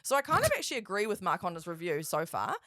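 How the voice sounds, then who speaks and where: A young woman co-hosting a casual podcast, chatty and quick to laugh as she reads out listener comments. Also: on the low side, big pitch swings, sharp tone, dry recording, clean studio sound. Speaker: podcast co-host. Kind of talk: casual chat.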